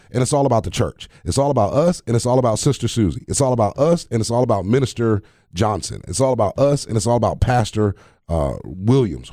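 Guy on a faith podcast, lively up-and-down voice, warm and mellow, repeats himself for emphasis. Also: medium pitch, no echo, clean studio sound. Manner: preachy, repeats phrases for emphasis; chuckles at his own jokes. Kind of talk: casual faith podcast talk.

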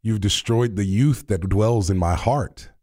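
A man's voice: on the low side, unhurried, a little mellow, no room sound, clean studio sound. A young man hosting a radio talk show in casual, playful chat, laughing often and joking about himself. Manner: playful, laughs often, jokey self-mocking asides.

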